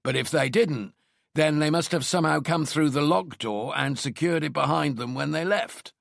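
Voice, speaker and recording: A man voicing a decisive male detective inspector briefing his team in a measured, firm way. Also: fairly high pitch, gravelly, no room sound, studio quality, pitched above the performer's own voice. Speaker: police team leader.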